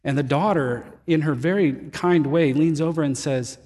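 A man preaching with a fairly high voice, telling his stories in a relaxed, chatty way and often poking fun at himself. His voice rings out with a long reverb tail, like a large hall. He sounds like a pastor talking to his congregation. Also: moderate pace. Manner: conversational storytelling, animated and self-deprecating. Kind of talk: sermon.

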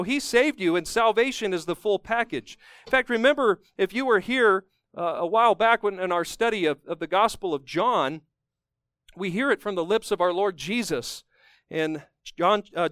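A man preaching a sermon, emphatic and fervent, climbing to strong peaks and dropping low to close each point. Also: moderate pace, a bit bright, clean tone, no room sound. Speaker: pastor.

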